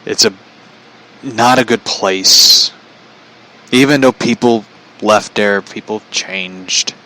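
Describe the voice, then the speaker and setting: A man's voice: lowish voice, slow, sharp tone, poor audio. A man casually telling a personal story, chatty, relaying a conversation line by line and laughing often.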